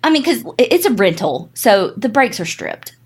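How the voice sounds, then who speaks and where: A woman co-hosting a podcast, blunt and sardonic and quick to swear. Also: on the high side, very animated, breathy edge. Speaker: podcast co-host. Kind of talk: casual chat.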